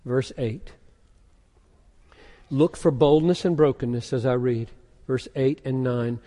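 A pastor preaching a sermon, moving from quiet musing into loud, intense emphasis. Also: male voice, medium pitch, slow, long pauses. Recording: echoey hall with long reverb.

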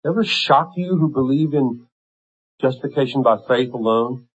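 A man preaching a sermon with impassioned intensity, swinging from fervent, rising pleas to hushed, quiet emphasis. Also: medium pitch, normal speed, husky, highs cut off.

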